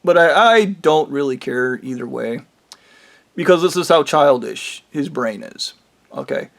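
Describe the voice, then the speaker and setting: A man's voice: a little high, animated, a little slow, gravelly. A man giving an angry, profane monologue to his viewers. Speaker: vlogger.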